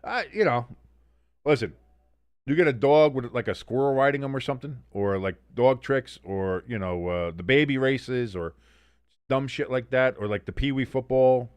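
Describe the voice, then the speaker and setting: A man's voice: medium pitch, normal speed, smooth, dry recording. A man hosting a casual live-stream watch-along, reading chat aloud and swearing freely as he reacts. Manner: profane, animated, reads chat aloud.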